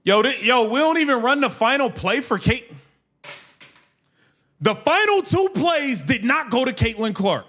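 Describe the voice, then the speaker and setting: A man's voice: very high-pitched, big pitch swings, unhurried. A man hosting a live game watch-along stream, ranting angrily and swearing at the team. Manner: angry, profane, shouting rants. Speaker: livestream host.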